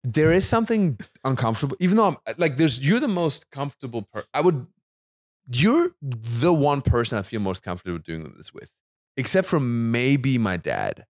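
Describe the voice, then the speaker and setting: A man's voice: mid-range voice, very animated, moderate pace, no echo, studio quality. A man in his thirties with a German accent, hosting a casual podcast, tipsy, playful and laughing often. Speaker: podcast host.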